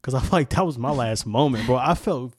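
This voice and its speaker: A man's voice: mid-range voice, brisk, no room sound, studio quality. A young man hosting a casual podcast, telling a story in a candid, rambling way with lots of swearing. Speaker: podcast host.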